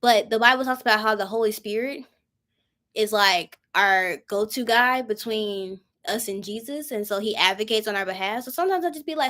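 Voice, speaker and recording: A woman's voice: medium pitch, moderate pace, fairly bright tone. A woman in her twenties leading a Bible study in a casual, informal way, acting out her own prayers as she talks. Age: 20s.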